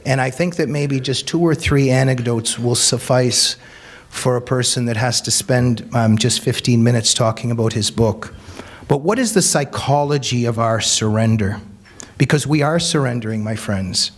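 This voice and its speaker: A man's voice: medium pitch, moderate pace. A man giving an earnest, emphatic talk about his book to a seated audience, repeating key phrases for weight. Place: meeting room with an audience.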